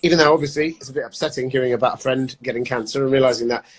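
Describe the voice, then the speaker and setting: Chatty and rambling, a man who acts keeps interrupting himself during a casual live video call. His mid-range, husky voice stays steady in tone but runs very fast, and the recording is rough.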